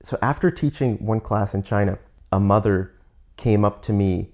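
A man's voice: fairly low pitch, normal speed, warm tone. A man with a Canadian accent talking candidly in a casual monologue, often restarting and stopping to explain words for learners.

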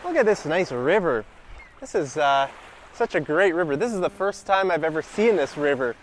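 A man's voice: on the high side, lively intonation, normal speed, a little hiss or hum. Chatty man vlogging outdoors by a river. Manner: chatty, rambling, wry humor. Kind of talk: casual walking vlog.

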